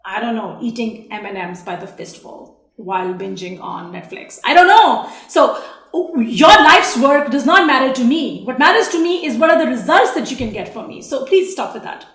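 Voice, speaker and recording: A woman's voice: a little high, expressive, moderate pace, fairly bright tone, reverberant. A woman teaching sales copy in a blunt, sassy way, swearing casually as she goes. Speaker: online marketing coach. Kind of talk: talking-head teaching video.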